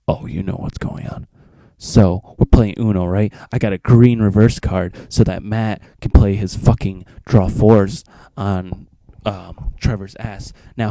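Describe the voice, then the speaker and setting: Casual: teen dude rambling thru a story, swears a lot, lowish warm voice, dead dry room. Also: male voice, no room sound. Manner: rambling, profane, acts out friends' lines. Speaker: vlogger telling a story.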